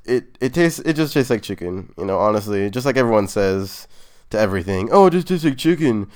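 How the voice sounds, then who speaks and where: A man playing a boastful adult male serial killer in an improvised comedy interview, bragging in a nonchalant deadpan way. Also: on the low side, brisk, natural voice.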